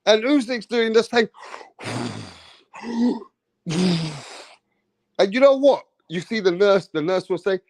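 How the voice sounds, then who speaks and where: A man with a fairly high voice rants about boxing on a live stream. His talk is profane, slangy and animated. The sound is dry and close, with no room echo. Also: slow, long pauses. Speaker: boxing commentator.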